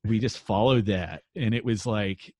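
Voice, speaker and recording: A man's voice: fairly low pitch, a little slow, a little mellow, no echo, studio quality. A man, a touring musician, telling a long rambling story in casual chat, laid-back and full of fillers and swearing. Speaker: musician guest.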